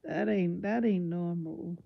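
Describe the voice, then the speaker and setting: A woman hosting her own live stream, reacting to what she reads with loud, teasing, disbelieving commentary full of slang. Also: on the low side, slow pace, gravelly, lo-fi sound. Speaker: livestream host.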